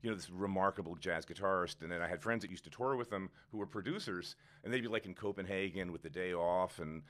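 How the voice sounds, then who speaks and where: A man in his sixties, a chef guest in a casual podcast interview, telling animated stories. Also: quick pace. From United States. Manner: animated storyteller, jumps up in pitch when indignant.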